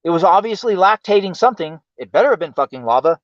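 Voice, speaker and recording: A man with a fairly high voice rants in exasperation, swearing constantly and demanding why over and over. The sound is dry and close, with the dull lo-fi tone of a home stream. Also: animated, quick pace, hardly any pauses, no room sound. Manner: profane, exasperated, repeatedly asking why. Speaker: livestream host. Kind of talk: ranting commentary. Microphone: home streaming mic.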